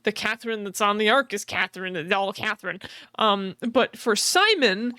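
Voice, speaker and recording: A woman's voice: medium pitch, lively intonation, moderate pace, sharp tone, no echo. A woman co-hosting a podcast, explaining a game's story casually with many fillers, restarts and laughs. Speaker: podcast co-host.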